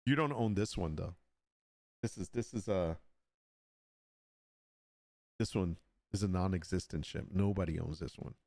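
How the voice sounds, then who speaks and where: A man hosting a casual live stream, joking and laughing often and slipping into playful mock sales pitches. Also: moderate pace, gravelly, long pauses, darkish tone, dry recording, clean studio sound. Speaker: livestream host and digital artist.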